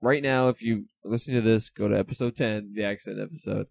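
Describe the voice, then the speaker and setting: A man's voice: on the low side, fairly even intonation, brisk, vocal fry, a little mellow. A man co-hosting a casual comedy podcast, rambling and joking with lots of "like". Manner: rambling, jokey, full of "like". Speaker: podcast co-host.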